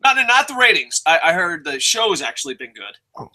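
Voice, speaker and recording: Ranting high bright-voiced man. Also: big pitch swings, normal speed. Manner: profane, rants with mocking voices. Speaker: podcast co-host. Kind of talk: casual chat.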